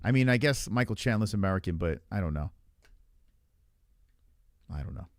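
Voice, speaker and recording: A man's voice: on the low side, expressive, moderate pace, dry recording. A young man streaming live, ranting loosely about fights with lots of swearing and reacting to chat. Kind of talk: livestream fight talk.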